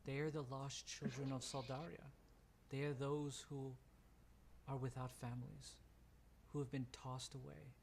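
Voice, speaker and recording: A man voicing a calm, part-alien woman who shelters lost children, speaking slowly and formally in a tabletop game. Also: medium pitch, gravelly, a little hiss or hum. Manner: slow, measured, formal.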